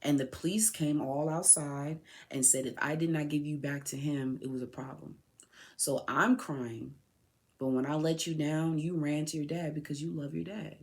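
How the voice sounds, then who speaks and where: A woman's voice: sits low, fairly even intonation, moderate pace, hardly any pauses, mellow. A woman podcast host speaking directly to her son, raw, tearful and heartfelt. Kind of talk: emotional personal address to her son.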